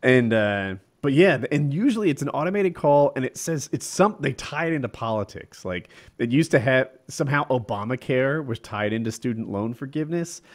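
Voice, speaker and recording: A man's voice: medium pitch, lively intonation, fairly quick, hardly any pauses. A man chatting casually among friends, telling stories in a dry, rambling way with frequent restarts. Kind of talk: casual chat.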